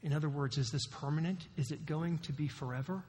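A male pastor delivers an animated sermon, firing emphatic rhetorical questions at the congregation. His voice sits a touch high for a man. The sound rings with the long reverb of a church sanctuary. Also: brisk, a little hiss or hum.

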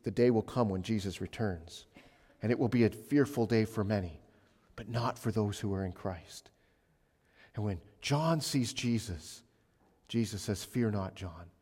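A male pastor preaching a sermon with emphasis, swinging between loud passages and hushed ones. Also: fairly low pitch, unhurried, husky. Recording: long reverb of a large hall.

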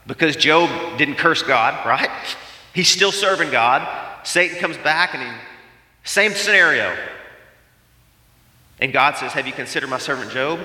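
A man preaching a sermon, telling the story with emphatic, animated delivery and acted-out quotes. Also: fairly high pitch. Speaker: pastor. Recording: echoey hall with long reverb.

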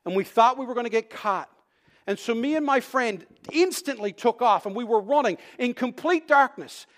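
A man preaching a sermon, telling a personal story with animated delivery that swings between loud bursts and hushed tones, sometimes restarting words. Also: very high voice, normal speed. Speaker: pastor.

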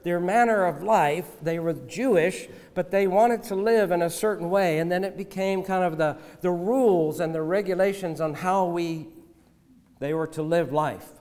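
A man preaching a sermon as pastor, measured and deliberate, often asking rhetorical questions. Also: high-pitched, a little mellow, long reverb tail.

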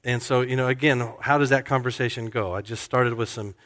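A man's voice: medium pitch, fairly even intonation, a little fast, fairly bright tone. A male pastor preaching a sermon, telling a story in a conversational way that often restarts mid-sentence. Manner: conversational, self-correcting storyteller. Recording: long hall reverb.

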